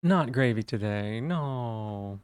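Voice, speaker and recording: A man's voice: medium pitch, expressive, slow pace, smooth, dry recording, clean studio sound. A man chatting casually on a live stream, rambling with lots of fillers and restarts.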